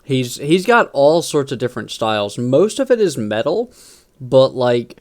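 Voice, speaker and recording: Enthusiastic, rambling game master. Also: male voice, medium pitch, big pitch swings, a little slow, a little mellow. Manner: enthusiastic, rambling, lots of fillers and restarts. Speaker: game master and stream host. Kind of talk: casual chat at a tabletop game stream.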